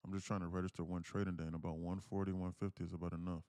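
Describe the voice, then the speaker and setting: A man's voice: little pitch movement, rapid-fire, dark tone, smooth, no room sound, clean studio sound. A young man streaming live as a day trader, talking through his trades and chatting with his viewers. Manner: chatty, thanks viewers, switches to a higher put-on voice when reading comments. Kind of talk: live trading commentary.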